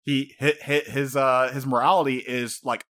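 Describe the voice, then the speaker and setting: A man co-hosting a casual podcast, rambling and animated as he retells story scenes, slipping into quoted voices. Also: medium pitch, moderate pace. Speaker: podcast co-host. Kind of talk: casual anime discussion.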